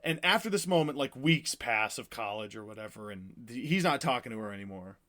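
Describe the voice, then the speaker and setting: A man co-hosting a podcast, recapping a novel in a rambling, animated way, with many fillers and acted-out quotes. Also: mid-range voice, fairly quick. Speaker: podcast co-host recapping a book. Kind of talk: casual chat.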